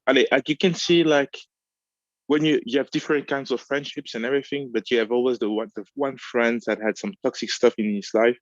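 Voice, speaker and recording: A man co-hosting a casual discussion, talking haltingly, often restarting and searching for words. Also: medium pitch, dry recording, dull audio.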